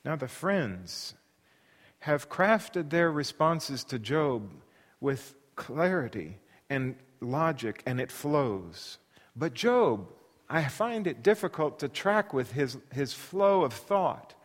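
A man preaching a sermon in an expressive way, asking his listeners questions. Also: on the high side, slow, in a large hall. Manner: expressive, shifts into dramatic readings.

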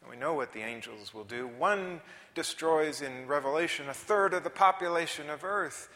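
A male preacher giving a sermon, swinging between shouted emphasis and hushed whispers. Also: on the high side, normal speed. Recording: reverberant hall.

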